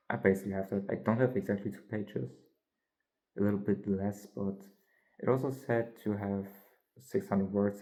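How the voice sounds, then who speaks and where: A man's voice: fairly low pitch, dark tone, poor audio. A young man, a college student, talking candidly in a rambling, filler-heavy way with some yawning. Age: young adult. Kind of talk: casual vlog monologue.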